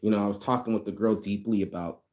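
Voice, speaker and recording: Tearing up, the American vlogger talks fast in a lowish, steady, darkish voice. It's a casual reflective monologue, rambling and profane yet deeply heartfelt, as he nears tears.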